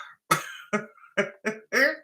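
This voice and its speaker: This middle-aged woman runs a casual livestream, laughing a lot and poking fun at herself as she greets viewers and reads the chat. She speaks very slowly in a pushed, bright voice.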